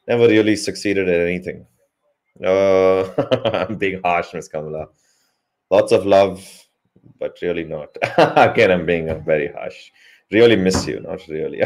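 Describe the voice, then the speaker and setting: A man's voice: sits low, darkish tone. A man giving a live cricket commentary hangout, rambling with joking asides and correcting himself mid-sentence.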